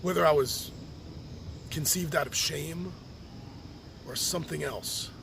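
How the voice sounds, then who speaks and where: A man's voice: on the high side, a little slow, creaky, background noise. A man speaking a heartfelt open letter on his podcast, reflective and earnest, sometimes restarting his sentences. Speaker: podcast host writing to his birth mother. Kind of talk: personal open-letter monologue.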